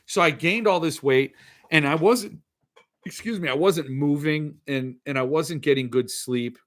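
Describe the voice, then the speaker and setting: A man's voice: a little high, unhurried, a bit bright. A middle-aged man hosting a podcast, chatting casually in a rambling, jokey, self-mocking way. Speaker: podcast host. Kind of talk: casual chat.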